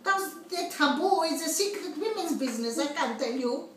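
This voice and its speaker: A woman's voice: high voice, moderate pace. A woman playing a flustered migrant woman in an immigration interview, talking in broken English full of mix-ups. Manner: broken English, malapropisms, excitable, giggly. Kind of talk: comedy sketch. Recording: roomy echo, distant mic, faint noise.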